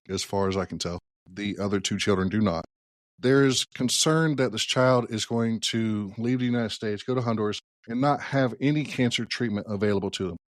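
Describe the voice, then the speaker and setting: A man's voice: lowish voice, no echo, studio quality. A man hosting a solo political podcast, talking conversationally and thinking aloud with hedges and restarts. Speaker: podcast host.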